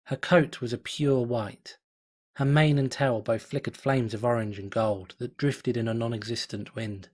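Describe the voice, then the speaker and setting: A man reading a fantasy fan story aloud in a measured storytelling delivery. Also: medium pitch. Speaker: narrator. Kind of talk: scripted fanfiction narration.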